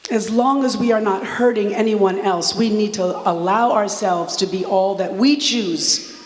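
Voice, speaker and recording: A woman activist giving an impassioned rally speech with call-and-response chants, stretching out key words for emphasis. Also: medium pitch. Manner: fervent, chanting, drawn-out emphatic phrases. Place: large church sanctuary with an audience. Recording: echoey church hall with long reverb.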